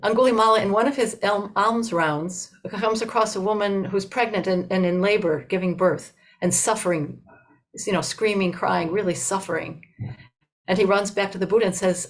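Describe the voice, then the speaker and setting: An older woman giving a Buddhist dharma talk, telling a story in an unhurried, conversational way with many "you know"s and restarts. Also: medium pitch, low-quality recording.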